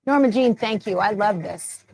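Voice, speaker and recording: A woman's voice: medium pitch, normal speed, creaky, darkish tone, no echo. A middle-aged woman hosting a casual sewing livestream, chatting, laughing often and reading viewer comments aloud. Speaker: sewing show host.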